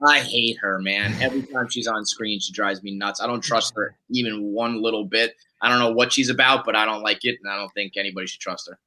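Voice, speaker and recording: A man's voice: fairly low pitch, steady tone, a little fast, few pauses, bright, forceful tone. A man as a guest on a podcast, talking bluntly and emphatically with swearing. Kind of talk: casual chat.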